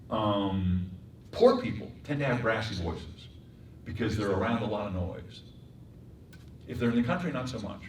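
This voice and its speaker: A man teaching voice acting in a workshop lecture, breaking into accent and pitch demonstrations. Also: very animated, moderate pace, pauses often, background noise. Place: performing arts center room. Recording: echoey room, mic far off.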